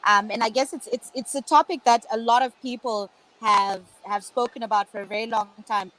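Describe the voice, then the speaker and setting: A woman's voice: on the high side, fairly even intonation, fairly quick, a bit bright, poor audio. Woman moderating a video call panel. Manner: conversational, encouraging. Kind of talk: virtual panel discussion.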